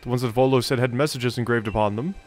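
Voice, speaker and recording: A man voicing an eccentric, excitable older male professor from a video game, reading his lines in a raised, fussy voice. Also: medium pitch, quick pace, natural voice. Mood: excited.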